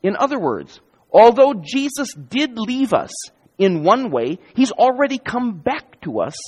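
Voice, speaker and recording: A man preaching a sermon in an emphatic, varied delivery with deliberate pauses, in a church sanctuary. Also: very high-pitched, very animated. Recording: hall reverb.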